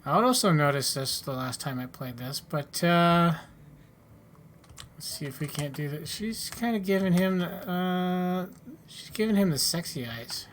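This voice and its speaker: A man's voice: on the high side, unhurried, fairly bright tone, slight background noise. A man casually commenting on his own video game play, wry and offhand, often muttering asides under his breath. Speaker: gaming YouTuber.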